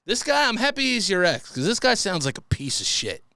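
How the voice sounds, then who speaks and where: A man's voice: sits high, very animated, brisk, pushed and bright. A young man hosting a comedy podcast, reading listener stories and riffing crudely, often slipping into silly voices. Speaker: podcast host.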